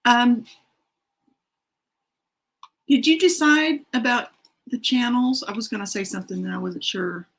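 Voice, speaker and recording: A woman's voice: on the high side, a little slow, long pauses, slightly rough, rough recording. A middle-aged woman hosting a writing sprint stream from her home, chatting casually and rambling with self-deprecating asides. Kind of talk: casual livestream chat, reading out comments. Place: home room.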